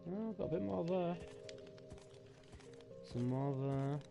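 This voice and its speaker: Sleepy guy rambling through a building game, gravelly voice, music going behind him. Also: a little high, slow. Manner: thinking aloud, rambling and musing. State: tired and sleepy. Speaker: gaming streamer. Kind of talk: casual gameplay commentary. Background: background music.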